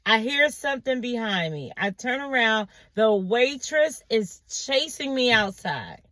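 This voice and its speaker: A woman vlogger telling a story in a casual monologue, animated and exasperated, acting out the quotes in a higher voice. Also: measured pace, dry recording.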